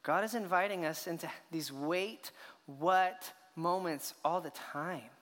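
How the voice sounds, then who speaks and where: A man's voice: on the high side, slow pace, a bit bright. A man preaching a sermon as a pastor, telling the story with rhetorical questions and acted reactions. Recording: long hall reverb.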